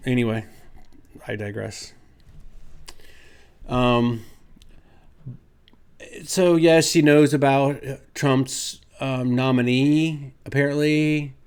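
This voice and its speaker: Rich: A man talking straight to his viewers in a commentary vlog, his voice sitting at an everyday middle pitch. He rants with heavy sarcasm, pressing hard on his points and arguing them out one by one. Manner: sarcastic, ranting; emphatic, argumentative. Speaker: vlogger.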